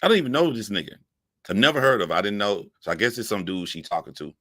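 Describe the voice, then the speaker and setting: A man telling a profane comic story, animated and laughing, jumping up in pitch for emphasis. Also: quick pace, dry recording, clean studio sound. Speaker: comedic storyteller.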